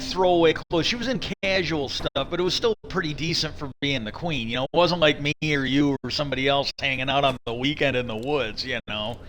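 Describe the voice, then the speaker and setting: A man's voice: on the high side, sharp tone, slight background noise. A man streaming a game, telling a story in a casual, rambling way with many restarts and asides. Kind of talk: casual storytelling while gaming. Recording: music playing under voice. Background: game music.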